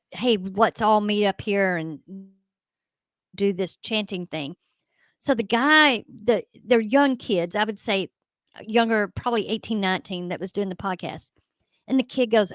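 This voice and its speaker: A middle-aged woman, a ghost hunter guest telling an emphatic, animated story in a radio interview. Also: mid-range voice, no room sound.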